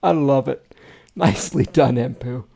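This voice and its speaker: A man hosting a music reaction video, chatting casually and excitedly, with lots of fillers and swearing. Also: medium pitch, unhurried, gravelly.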